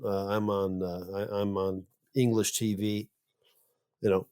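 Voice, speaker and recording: A man voicing a rambling American inventor in an improvised comedy sketch, halting and full of hesitations. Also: on the low side, little pitch movement, dark tone, clean tone, pitched below the performer's own voice, natural voice. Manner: halting, full of uhs, drawn-out explanation. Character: rambling male American inventor, middle-aged.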